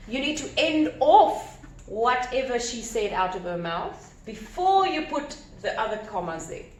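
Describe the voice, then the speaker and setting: A woman teacher explaining a grammar lesson step by step, animated and repeating key points. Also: fairly high pitch. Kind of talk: recorded grammar lesson at a whiteboard. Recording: echoey room with faint ambience.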